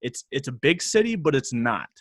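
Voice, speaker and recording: A young man co-hosting a casual podcast, talking in a relaxed, thinking-aloud way. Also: mid-range voice, moderate pace, no echo, studio quality. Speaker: podcast co-host. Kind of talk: casual chat.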